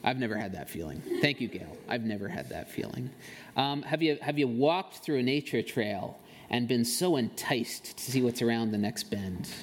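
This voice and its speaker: Pastor preaching with playful asides. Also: male voice, medium pitch, lively intonation, moderate pace, slight background noise. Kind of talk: sermon with scripture reading and prayer. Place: church sanctuary.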